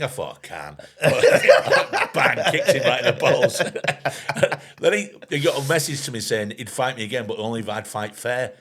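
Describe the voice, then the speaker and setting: A middle-aged man spins blunt, sweary anecdotes in a loose comedy chat. His pitch swings widely as he tells them, and he keeps breaking into laughter. The delivery is easy and conversational. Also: a bit bright. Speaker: podcast host. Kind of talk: casual pub-style comedy chat.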